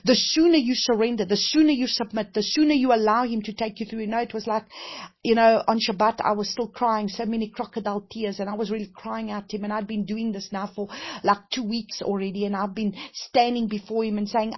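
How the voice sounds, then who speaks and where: A woman's voice: on the high side, steady tone, brisk. A woman minister giving a heartfelt, conversational testimony-style sermon, often repeating phrases and saying "you know". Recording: dull lo-fi recording.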